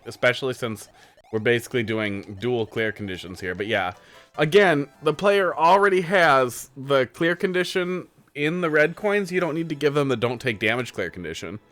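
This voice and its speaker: A man's voice: medium pitch, animated, moderate pace, a bit bright, faint music behind. A man streaming live, playing viewer-made game levels and giving rambling, candid critique in a casual way.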